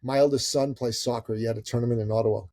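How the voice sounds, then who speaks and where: A middle-aged Iranian man, a guest entrepreneur on a podcast, tells a story and acts out its characters as an animated storyteller. His mid-range voice races along, and the recording has no room sound.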